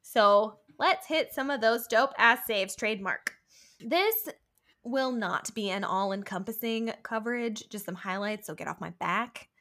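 A young woman with a slightly high, fairly bright voice co-hosts a podcast, unhurriedly chatting about a soccer match. She swears and laughs often in this casual sports talk.

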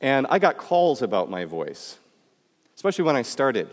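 A man's voice: mid-range voice, very animated, moderate pace, big-room sound. A man from Michigan with a Midwestern American accent, giving a public talk in a conversational, joking way and speaking straight to the audience. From Michigan, USA.

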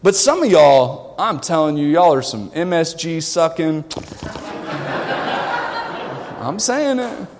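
A Southern-accented male pastor preaches in a high, ringing voice that carries through a large church hall with a long reverb tail. He swings between shouted exhortation and low, confiding asides. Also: very animated, slow pace, long pauses. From the American South. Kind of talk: sermon.

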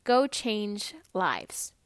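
A young adult woman hosting a podcast, telling stories in an animated, bubbly and earnest way. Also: mid-range voice, extremely slow, dry recording, studio quality. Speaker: podcast host. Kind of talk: upbeat motivational podcast talk.

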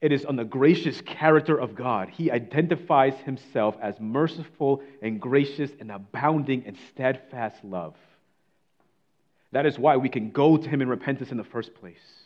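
A man preaching a sermon, reading scripture and telling a story, swinging between bold declaiming and hushed, almost whispered passages. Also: mid-range voice, normal speed, dull audio.

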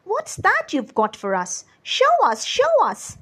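A woman voicing two eager little boys in a storybook, squealing with a high, eager voice. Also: wildly swooping pitch, unhurried, fairly bright tone, heavily acted.

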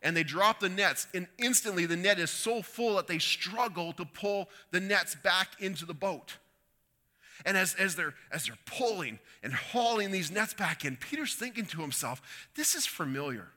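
A man's voice: sits high, lively intonation, moderate pace, sharp tone, long reverb tail. A man preaching a sermon, telling a story and acting out the quoted lines with rising and falling intensity. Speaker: pastor.

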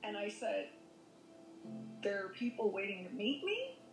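A woman's voice: mid-range voice, very animated, unhurried, faint music behind. A woman telling a personal near-death story as a podcast guest, rambling with many fillers and self-corrections. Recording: echoey room.

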